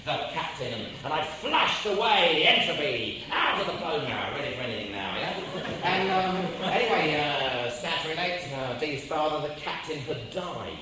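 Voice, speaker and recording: A man from England rambles through an anecdote in a lively, slightly high voice at a moderate pace with few pauses, repeating himself and slipping into impressions. The far-off mic catches a very reverberant room and ambient noise.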